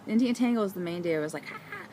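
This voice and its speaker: A woman hosting a knitting vlog outdoors, chatting casually in a bubbly, excitable way. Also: lowish voice, very fast, noisy background. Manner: bubbly and excitable, with frequent laughs. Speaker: knitting vlogger. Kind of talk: casual chat.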